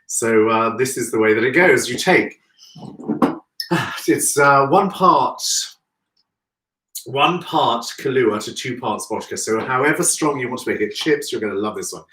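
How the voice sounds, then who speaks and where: A man's voice: mid-range voice, expressive, a little slow, fairly bright tone, roomy sound, far from the mic, rough recording. A man hosting a live chat while making a cocktail, chatty and effusive. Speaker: host.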